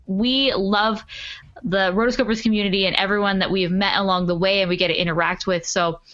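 A woman's voice: medium pitch, steady tone, fairly quick, fairly bright tone, highs cut off. Upbeat chatty woman podcast host. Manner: chatty, upbeat, many fillers. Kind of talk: casual podcast chat.

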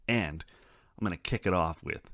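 A man's voice: deep voice, normal speed, a bit bright, no echo, clean studio sound. A man hosting a casual solo podcast, talking in a loose, rambling and profane way. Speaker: podcast host.

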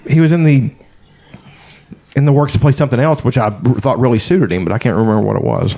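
A man's voice: mid-range voice, fast talker, warm tone. A man co-hosting a podcast in casual chat, grumpy and profane, laughing often. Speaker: podcast co-host.

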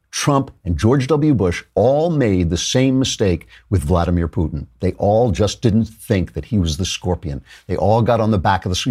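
A male talk show host giving political commentary in a conversational, animated way, often chuckling as he talks. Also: sits low, breathy edge.

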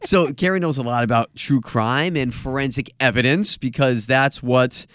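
A man's voice: mid-range voice, moderate pace, fairly bright tone, clean tone, no echo, clean studio sound. A man hosting a podcast in casual chat, joking and stressing his points with emphasis. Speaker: podcast host.

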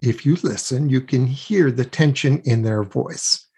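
Husky-voiced male expert guest, earnest explainer, walks through examples. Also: medium pitch, a little slow, warm tone. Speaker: guest expert on child self-regulation. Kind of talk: explanatory interview talk.

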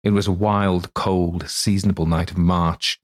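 A deep-voiced man narrates a classic tale for a podcast. His reading is measured and even, with a low voice.

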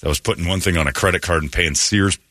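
A man hosting a morning radio show, telling self-mocking stories in casual chat and acting out quotes loudly. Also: sits low, quick pace, background noise. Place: radio studio. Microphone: studio microphone.

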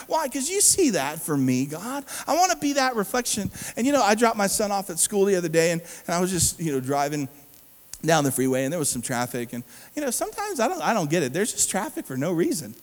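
Male pastor, high voice with big swings, preaching in a reverberant hall. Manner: emphatic preaching with call-outs to the congregation. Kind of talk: sermon.

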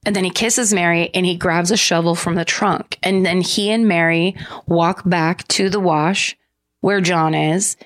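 A woman's voice: fairly low pitch, steady tone, a little slow. A woman co-hosting a podcast, telling a true-crime story in a chatty, joking way with lots of fillers. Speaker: podcast co-host.

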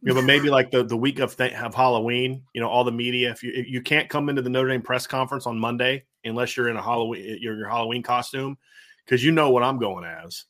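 A man with a Southern American accent hosts a casual sports podcast. He talks fast and in an animated rush, full of fillers and quick restarts, at an ordinary middle pitch. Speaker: podcast host.

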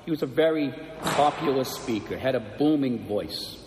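A man preaching as a priest, telling a story in a slow, measured way before turning it into a lesson for his congregation. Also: mid-range voice, lively intonation, a little mellow, slight background noise. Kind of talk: sermon. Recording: echoey church with long reverb.

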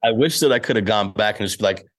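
A comedian telling a quick anecdote in casual chat, jumping into loud impressions. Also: male voice, lowish voice. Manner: animated, jumps into loud impressions. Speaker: comedian guest.

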